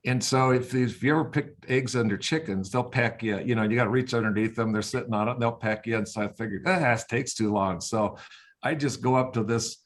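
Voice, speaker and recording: An older man, a veterinarian, telling casual stories with lively sound effects. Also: medium pitch, brisk. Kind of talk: casual storytelling.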